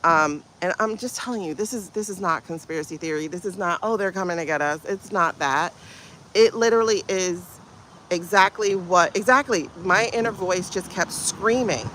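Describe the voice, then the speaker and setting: A woman hosting a spiritual livestream, talking in an emotional, halting way and often repeating herself. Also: mid-range voice, expressive, a bit bright, a little hiss or hum. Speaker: livestream host, intuitive reader. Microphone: phone livestream.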